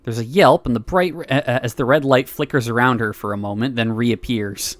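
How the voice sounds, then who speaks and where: A man's voice: medium pitch, fairly quick, no echo. Man reading a visual novel aloud. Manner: expressive reading broken by laughs and asides. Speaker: streamer.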